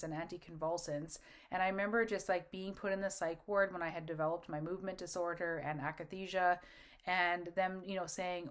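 A middle-aged woman telling her own story to camera in a candid, earnest way. Her voice sits somewhat low for a woman. She talks loosely, with fillers and restarts, like someone confiding in listeners. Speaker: host. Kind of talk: personal testimony to camera.

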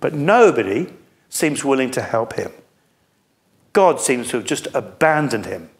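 A man's voice: mid-range voice, sing-song, measured pace. A man preaching a sermon, explaining a scripture text in an earnest manner and putting questions to his listeners.

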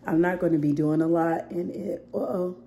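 Sick at home and losing her voice, a young woman vlogs straight to her viewers, chatting and laughing often. Her voice is fairly low and warm with vocal fry, a steady tone and a moderate pace. The audio is dull, with a little hiss or hum.

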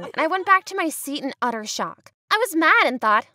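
A woman narrating an animated story in an expressive storytelling manner. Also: sits high, normal speed, hardly any pauses, noisy background. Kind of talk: scripted narration. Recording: faint music underneath.

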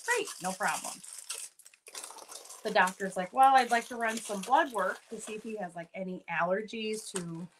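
A woman in her thirties hosts a casual live sale, her voice sitting in a middle pitch. She rambles through stories with plenty of fillers and restarts. When quoting her children she jumps her voice up higher. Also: normal speed, fairly bright tone, slight background noise, low-quality recording. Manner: rambling storytelling with many fillers; acts out her kids' lines in a higher voice. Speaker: live sale host selling jewelry. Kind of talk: casual chatty live selling.

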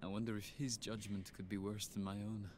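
Game VO: male actor as paranoid French soldier, brooding diary narration, slightly low voice. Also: level tone, brisk, darkish tone, a little hiss or hum, natural voice. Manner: brooding, paranoid, guilt-ridden.

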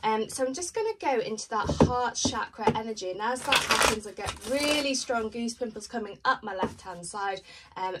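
A woman giving a pick-a-card tarot reading, chatting in a gently reassuring way. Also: mid-range voice, recorded from a distance, heavy background noise. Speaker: tarot reader.

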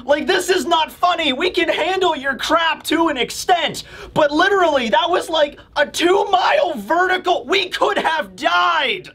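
A man voicing a furious young woman navigator who shouts and scolds her captain. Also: extremely high pitch, expressive, unhurried, voice pushed up, full character voice. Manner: shouting, exasperated.

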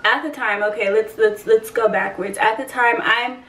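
A woman's voice: fairly high pitch, steady tone, normal speed, fairly bright tone, reverberant, far from the mic, rough recording. A woman in her twenties telling an emotional personal story in a candid, slangy, swearing vlog. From San Antonio, Texas. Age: 20s. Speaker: vlogger.

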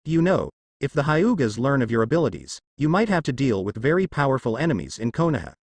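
A man playing a calm, serious teenage ninja. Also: mid-range voice, fast talker, no room sound. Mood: warning.

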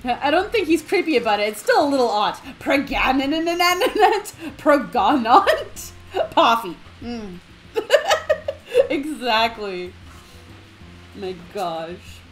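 Woman streamer, giggly and chatty, high voice that swings all over, soft game music underneath. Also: lively intonation, slow. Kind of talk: casual let's-play commentary.

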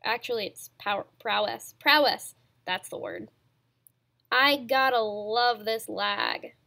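A woman's voice: on the high side, slow pace, vocal fry, pushed and bright, a little hiss or hum. A woman giving casual gameplay commentary, playing a jokey cooking-show host and laughing at herself. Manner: giggly and self-mocking. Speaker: gaming YouTuber.

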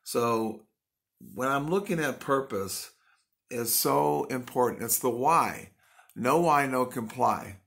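A man's voice: medium pitch, slow, creaky, a bit bright. A man giving an earnest, faith-based motivational talk, emphatic and repeating phrases for punch. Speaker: motivational speaker.

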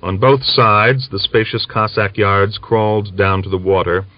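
Give me a male audiobook narrator with a very low voice, dry close sound. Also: fairly even intonation, a little slow, dry recording, dull audio. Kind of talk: scripted narration.

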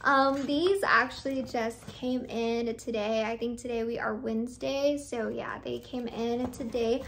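A young woman with a high-pitched voice chats through an unboxing vlog. She gushes and piles up words of praise, sounding thrilled with everything she shows. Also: steady tone, measured pace, fairly bright tone, a little hiss or hum. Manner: gushing, effusive, repeats praise words. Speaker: vlogger.

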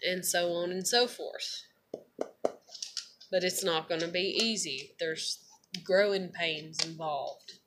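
A woman's voice: on the low side, slow pace, pauses often, fairly bright tone, a little hiss or hum. A tired young woman, venting to camera in a rambling, profane way and laughing often. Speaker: vlogger.

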